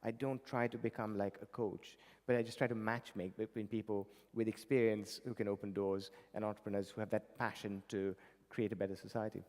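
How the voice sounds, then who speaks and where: A man's voice: lowish voice, flat delivery, a little fast, darkish tone. A middle-aged man from India, a Bengali speaker, answering earnestly and unhurriedly as a conference guest. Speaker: guest, tech founder and investor. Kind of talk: on-stage conference interview. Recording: reverberant conference hall.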